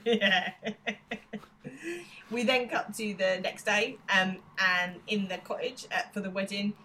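A woman's voice: medium pitch, fairly even intonation, pushed and bright, slight background noise. A woman co-hosting a podcast, casually recapping a TV episode and quoting the characters' lines as she goes. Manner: retells scenes with quick quoted lines and frequent laughs. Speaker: podcast co-host.

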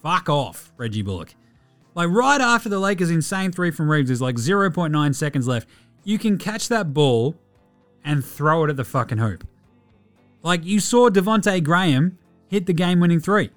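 Australian male podcast host, profane, mocking, casual rant, slightly high voice, light music bed. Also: animated, moderate pace, a bit bright. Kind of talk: casual sports commentary.

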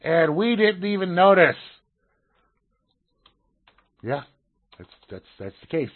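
A man co-hosting a podcast in casual chat, halting and stammering, often repeating his words. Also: high-pitched, big pitch swings. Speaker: podcast co-host. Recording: tinny phone-like lo-fi sound.

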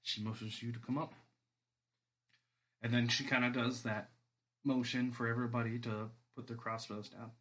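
Relaxed male game master, medium-pitched, rambling through scenes with lots of "uh" and "like". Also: moderate pace, long pauses. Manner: relaxed, rambling, with many fillers. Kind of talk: narrating a tabletop game.

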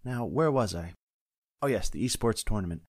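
A man's voice: fairly low pitch, lively intonation, moderate pace, a little mellow, no room sound, studio quality. A man voicing a fussy, health-minded young female deputy who talks in a prim, questioning way.

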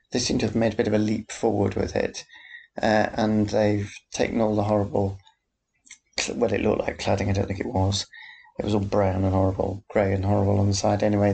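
A man's voice: on the low side, darkish tone, a little hiss or hum. A man hosting a casual solo podcast, rambling and chatty with a self-deprecating manner. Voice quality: gravelly. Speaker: podcast host. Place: home, background noise heard.

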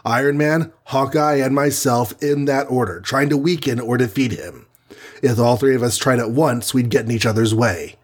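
A man with a husky voice voicing a steady male team leader giving calm orders in an audiobook reading. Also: medium pitch, moderate pace, close to an everyday voice. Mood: commanding. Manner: calm and commanding. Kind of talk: audiobook character voice.

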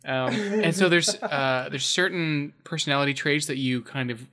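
Male podcast co-host with a bright, sharp voice; easy, chatty delivery. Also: a little high, moderate pace. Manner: chatty, laughs easily. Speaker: podcast co-host and game master. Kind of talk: casual podcast chat.

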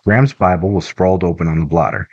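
A man with a very low, deep voice reads a children's adventure book aloud in a steady, even narration. The recording is a little muffled and lo-fi. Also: fast talker, husky. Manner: even, steady storybook reading. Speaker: audiobook narrator. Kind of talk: scripted narration.

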